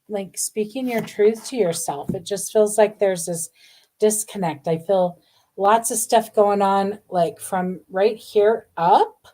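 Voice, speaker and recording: A woman's voice: mid-range voice, slow pace, dark tone. A middle-aged woman doing a live card reading, talking in a gushing, meandering way with many fillers. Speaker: intuitive card reader hosting a live stream.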